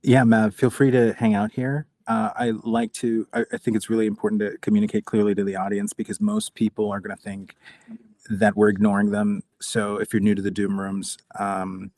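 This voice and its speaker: A man hosting a live talk room, loose and joking, tripping over his first words before he lands a point. His voice sits on the low side. It sounds dry and close, with no room echo. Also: little pitch movement, fairly quick, darkish tone. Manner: chatty, joking, repeats words as he starts. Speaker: host. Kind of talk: casual live-space hosting.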